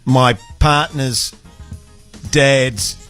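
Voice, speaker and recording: A man's voice: medium pitch, steady tone, extremely slow, fairly bright tone, faint music behind. A man, hosting a radio show and telling stories in casual, exasperated banter. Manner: chatty storyteller, exasperated asides. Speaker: radio host.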